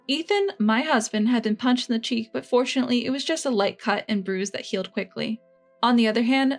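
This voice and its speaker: A woman reading a first-person revenge story in an even, measured way. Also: a little high. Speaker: narrator.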